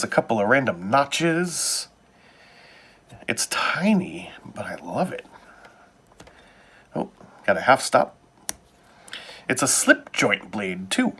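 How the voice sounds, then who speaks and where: A man's voice: medium pitch, a bit bright, husky. A man casually talking through a knife unboxing, with wry asides muttered to himself.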